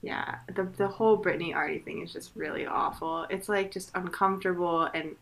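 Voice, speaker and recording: A woman co-hosting a casual podcast chat, animated and quick to act out characters' lines. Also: fairly low pitch, vocal fry. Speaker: podcast co-host.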